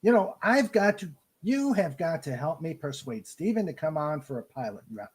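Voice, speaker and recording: A man's voice: a little high, very animated, normal speed, slightly rough. A man hosting a casual chat, agreeing often and urging his guest along. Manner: agreeable, lots of back-channel replies.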